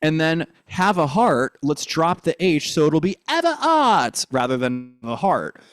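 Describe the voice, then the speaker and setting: Upbeat male drama coach, slightly high-pitched, cheering students on through accent drills. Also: unhurried. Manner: demonstrates with sweeping pitch. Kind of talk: accent lesson for young performers.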